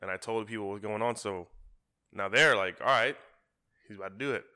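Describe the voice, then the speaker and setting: Casting: male podcast co-host, bright low voice, animated storyteller. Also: brisk. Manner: animated storyteller, laughs often. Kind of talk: casual chat.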